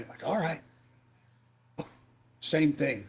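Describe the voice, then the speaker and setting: A man's voice: fairly high pitch, lively intonation, normal speed, pauses often, a little mellow. A middle-aged man, a retired Marine warrant officer, tells war stories as a podcast guest and acts out the dialogue. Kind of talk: storytelling interview.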